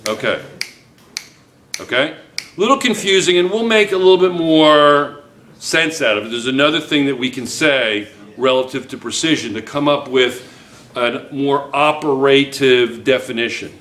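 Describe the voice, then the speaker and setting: A man's voice: medium pitch, moderate pace, reverberant, a little hiss or hum. Man teaching a class, quizzing students. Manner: lively, keeps checking students with "yes or no?". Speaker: chemistry teacher. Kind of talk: classroom lecture.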